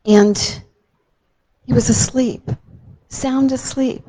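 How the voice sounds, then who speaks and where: A woman telling a Bible story to a child, gentle and slow with dramatic emphasis on key moments. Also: sits high, steady tone, poor audio.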